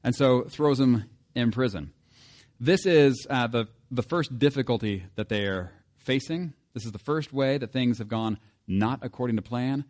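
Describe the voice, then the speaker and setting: This sermon comes from a male pastor with a mid-range, darkish voice and a moderate pace. He talks conversationally, reads passages of scripture, and often puts rhetorical questions to the congregation.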